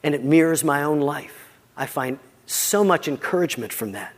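High-voiced earnest pastor in a reverberant church. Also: male voice, animated, moderate pace. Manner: earnest, conversational preaching that often drops soft for emphasis. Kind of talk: sermon.

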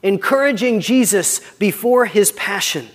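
Speaking unhurriedly and expressively, a male pastor with a fairly high voice gives a church sermon. He sounds earnest and chatty, dropping soft often to drive a point home, while a long hall reverb makes his voice ring out.

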